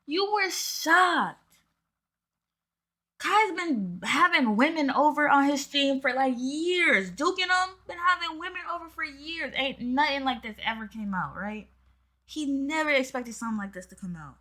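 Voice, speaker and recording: A woman riffing on camera in a loose, casual commentary style, leaning hard on slang and emphasis. Her voice sits high and carries a bright, sharp edge. She addresses her viewers directly throughout. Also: lively intonation, moderate pace. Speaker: commentary YouTuber.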